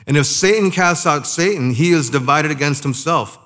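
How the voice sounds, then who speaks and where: A man preaching a sermon in a conversational way, asking the listeners rhetorical questions and slowing down to stress key phrases. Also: a little high, a bit bright. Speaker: pastor.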